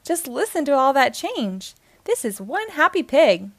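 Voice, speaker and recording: A woman's voice: a little high, very animated, moderate pace, vocal fry, dry recording. Storybook piggy bank toy, male, cheerful and boastful, put on by a woman reader. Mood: cheery. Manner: boastful and chatty.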